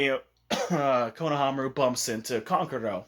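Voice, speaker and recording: A man's voice: medium pitch, normal speed, a bit bright. A man casually telling a fan-fiction story, chatty, often laughing and coughing. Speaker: YouTube storyteller.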